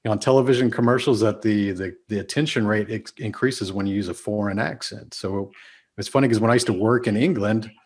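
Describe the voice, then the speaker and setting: A Texan man talking on a podcast with a slightly low, husky voice. He leans hard on keywords and keeps changing his pace and loudness, going from punchy and fast to quiet and slow. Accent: Texas. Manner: emphatic, shifts speed and volume for effect. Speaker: podcast guest, business speaker. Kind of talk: casual podcast interview.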